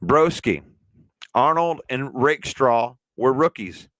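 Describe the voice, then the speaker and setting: A man hosting a casual sports talk stream. He answers the chat with pointed argument and sometimes slows down to drive a point home. His voice is mid-pitched and recorded dry and close. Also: expressive, a bit bright, no room sound. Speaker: sports show host.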